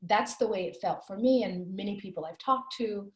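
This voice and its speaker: A woman's voice: mid-range voice, normal speed. Reflective woman in a roomy echo. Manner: reflective, earnest storytelling with bursts of laughter. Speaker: author interviewed as guest. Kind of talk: candid conversational interview.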